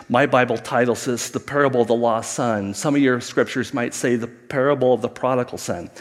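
A man's voice: medium pitch, in a large hall. A middle-aged man preaching a sermon, telling a family story in a conversational way with asides to the congregation. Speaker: pastor.

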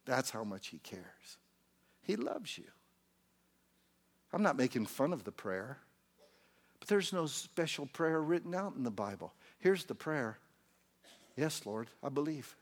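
A man preaching a sermon, moving between soft intimate lines and loud exclaimed outbursts, acting out the voices in his own inner dialogue. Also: medium pitch, sing-song, measured pace, pauses often.

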